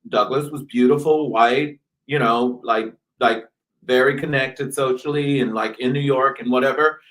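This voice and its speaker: A man from the American South, a fashion designer who is a guest on a radio interview and tells stories animatedly, often restarting his sentences. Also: mid-range voice. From US South, North Carolina. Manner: animated storytelling with many restarts.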